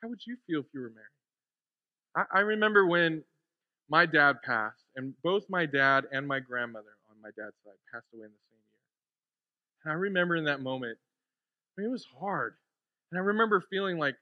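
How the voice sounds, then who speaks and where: A male pastor delivers a heartfelt sermon to his congregation. His voice sits high and sounds bright and forceful. He speaks with feeling and sometimes gets choked up. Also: dry recording. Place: church with a congregation.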